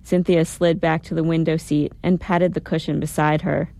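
A woman calmly narrating a first-person story with a reflective tone. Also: low voice, moderate pace, creaky. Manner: calm, reflective.

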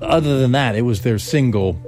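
A man's voice: mid-range voice, normal speed, music in the background. A man speaking as a historian in an interview, explaining in a conversational way with hesitations. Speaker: historian and author. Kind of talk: interview commentary.

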